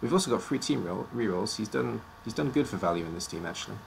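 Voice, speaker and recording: Gravelly-voiced male streamer, slightly worn voice. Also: lowish voice, animated, fast talker, background noise. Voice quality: joking, stumbles over odd names. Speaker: streamer presenting league teams. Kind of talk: casual live-stream commentary.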